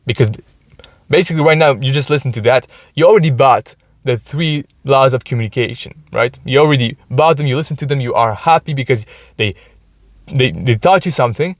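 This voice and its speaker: Male podcast host, mid-pitched voice, casual explainer with restarts, recorded dry in a car. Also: fairly quick, dry recording. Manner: explaining, thinking aloud with restarts. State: overheated. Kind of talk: casual solo podcast talk. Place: inside a parked car.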